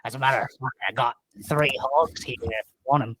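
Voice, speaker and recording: A man's voice: medium pitch, fairly even intonation, a little fast, bright, forceful tone, slight background noise, lightly acted. A man putting on a pinched goblin peddler voice. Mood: salesy. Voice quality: squished, pinched voice. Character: small scrappy male goblin merchant, pushy.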